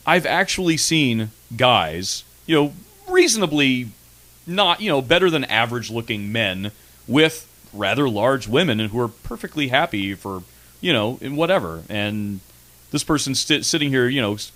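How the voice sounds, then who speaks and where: A man's voice: mid-range voice, bright, forceful tone. A man hosting a radio comedy show, chatting in a crude, mocking, rambling way with lots of restarts. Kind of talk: casual comedic chat. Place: radio studio.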